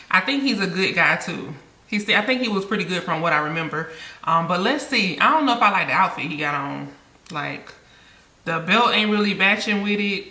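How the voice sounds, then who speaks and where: A woman hosting a reaction video, chatting casually to her viewers and thinking out loud about what she watches. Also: medium pitch, distant mic. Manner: chatty, addresses viewers directly, thinks aloud. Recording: roomy echo.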